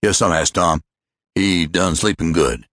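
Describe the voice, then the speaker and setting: A man playing an old male servant, eager and pleading, voice lifted higher than the storyteller's own, dry close recording. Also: unhurried, fairly bright tone, no echo. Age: older. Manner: pleading, insistent.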